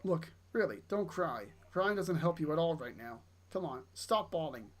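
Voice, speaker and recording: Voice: mid-range voice, animated, normal speed, lightly acted. A player reading aloud for a blunt, sardonic young male mercenary. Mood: gruff. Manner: blunt, teasing.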